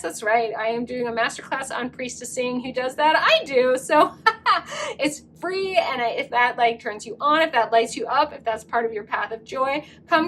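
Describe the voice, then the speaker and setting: Middle-aged lady reading tarot cards, talks a mile a minute, all excited, a bit high-pitched. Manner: fast, excitable and gushing. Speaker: tarot reader. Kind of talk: pick-a-card tarot reading.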